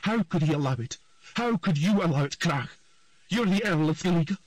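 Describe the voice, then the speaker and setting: A cold, imperious old queen, played by a male narrator, her voice pitched well up and delivered loud and forceful. She speaks with clipped, stern authority. The recording is dry and set a little back from the mic. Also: animated, a little slow, no echo, distant mic. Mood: furious.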